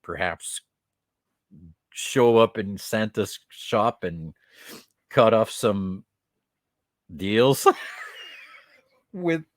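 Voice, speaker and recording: A man hosting a casual toy podcast, teasing each figure and breaking into giggles. His pitch swings widely while he keeps an unhurried pace. The sound is dry and close, and he drops into French here and there. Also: expressive, dry recording. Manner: mocking, giggles between remarks; switches into French at times. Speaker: podcast host. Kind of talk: casual toy collection chat.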